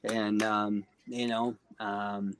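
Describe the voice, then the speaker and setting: A man's voice: on the low side, little pitch movement, extremely slow, clean tone. Earnest man, heartfelt and rambling. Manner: earnest, heartfelt, full of "you know" and "um". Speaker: guest singer-songwriter. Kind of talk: casual podcast interview.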